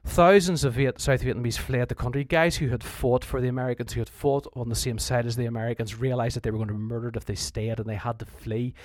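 A man's voice: mid-range voice, steady tone, quick pace, hardly any pauses, dry recording, clean studio sound. A man explaining history in an informal, conversational way, often restarting his sentences and acting out what leaders said. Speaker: history teacher.

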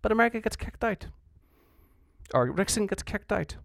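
A man's voice: high voice, expressive, normal speed, gravelly, a bit bright, no echo, studio quality. A man explaining history in an informal, conversational way, often restarting his sentences and acting out what leaders said. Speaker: history teacher.

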